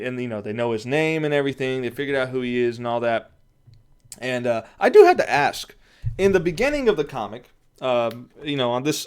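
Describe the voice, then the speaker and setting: Smooth-voiced man rambling through a review. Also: medium pitch, darkish tone. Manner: rambling, thinks aloud with many fillers and restarts; chuckles often while talking. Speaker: comic book reviewer. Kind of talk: casual spoken review.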